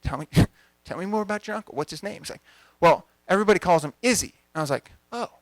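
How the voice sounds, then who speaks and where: A man's voice: high-pitched, animated, fast talker, no room sound. A young man in his twenties giving a conversational talk at an event as a coach, telling a story energetically and acting out the dialogue. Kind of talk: storytelling talk to a live audience. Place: event venue.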